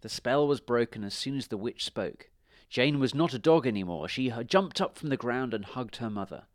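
Man, storybook read-aloud, very lively pitch, dry close sound. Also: normal speed, dry recording. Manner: expressive, animated reading.

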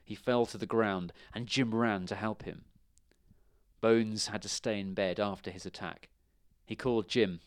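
A man reading a children's storybook aloud in a measured, expressive way. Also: lowish voice, no room sound, clean studio sound.

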